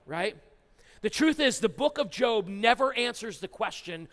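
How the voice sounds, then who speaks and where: Animated pastor preaching in a reverberant hall. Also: male voice, sits high. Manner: animated, quick bursts of reading scripture aloud. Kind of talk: sermon. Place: church hall.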